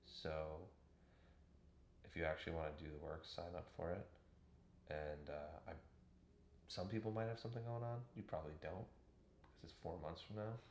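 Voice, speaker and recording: A man's voice: low-pitched, fairly even intonation, moderate pace, long pauses, darkish tone, echoey room, slight background noise. A man co-hosting a podcast, chatting loosely about coaching with lots of fillers. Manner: loose and rambling, with frequent fillers. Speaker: podcast co-host. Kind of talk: casual chat.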